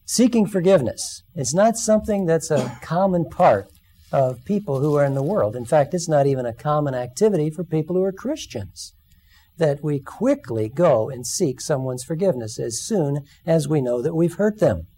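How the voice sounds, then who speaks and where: A man's voice: a little high, animated, normal speed, mellow, husky. A man giving a sermon, telling stories and acting out the quoted lines. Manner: storytelling, acts out quoted lines. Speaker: speaker.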